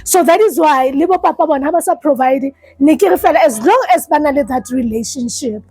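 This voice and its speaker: A South African woman, a life coach, giving an earnest, halting personal testimony in a support session and often repeating herself. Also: sits high, mellow, dry recording, poor audio.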